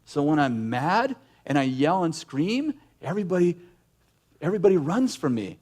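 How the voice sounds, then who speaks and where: Man, middle-aged, pastor, sermon, fairly high voice, animated delivery. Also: normal speed. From United States. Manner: animated preaching, acts out yelling in bursts.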